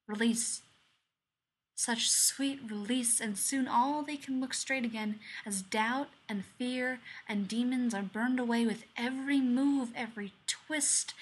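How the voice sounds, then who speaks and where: A woman reading fan fiction aloud in a soft, measured storytelling voice. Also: on the high side, breathy edge. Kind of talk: scripted narration.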